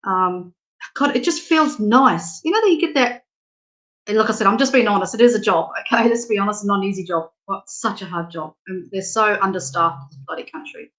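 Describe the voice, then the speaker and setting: A middle-aged woman with an Australian accent chats through a spiritual reading on a live stream. Her voice sits at an everyday pitch, and her delivery is frank, affectionate and full of easy laughter. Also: expressive, brisk, fairly bright tone. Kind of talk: casual live-stream chat.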